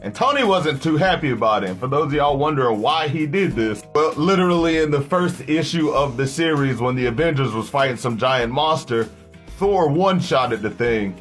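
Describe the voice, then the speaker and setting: A man's voice: mid-range voice, animated, moderate pace, fairly bright tone, soft background music. Casual, slangy man recapping a story. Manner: slangy, joking, conversational. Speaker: comic recap narrator.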